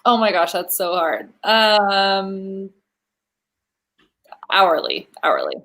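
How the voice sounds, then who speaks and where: A cheerful woman from California is a guest on a casual live stream. Her voice sits at a mid pitch. She laughs easily as she answers quick questions. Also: sing-song, a bit bright.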